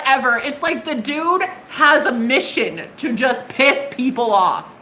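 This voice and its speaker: A woman's voice: high-pitched, lively intonation, measured pace, bright, forceful tone, a little hiss or hum, low-quality recording. A young woman from the United States giving a live-stream tarot reading, chatty and bubbly with plenty of swearing. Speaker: tarot reader.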